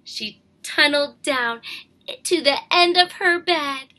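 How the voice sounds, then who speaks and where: A woman kindergarten teacher reading a picture book aloud to young children with expressive, gently questioning delivery. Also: high-pitched, slow.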